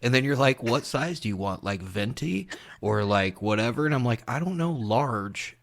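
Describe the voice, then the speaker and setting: A man's voice: medium pitch, lively intonation, normal speed, gravelly, fairly bright tone. A man on a podcast team, chatting casually and telling a story with frequent laughs and acted-out quotes. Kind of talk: casual chat.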